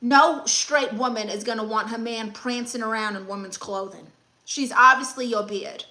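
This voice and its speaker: Young woman on a live stream, bright tense voice, kinda high, blunt and sassy with viewers. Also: normal speed. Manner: blunt, sassy advice-giving. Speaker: comedian hosting a live Q&A. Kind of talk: live-stream chat reading comments.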